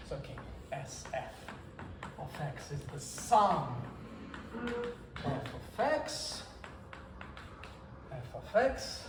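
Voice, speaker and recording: A man giving a mathematics lecture at a conference, repeating key phrases for emphasis. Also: sits high. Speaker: conference speaker. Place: lecture hall. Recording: echoey hall, mic far off, faint hum.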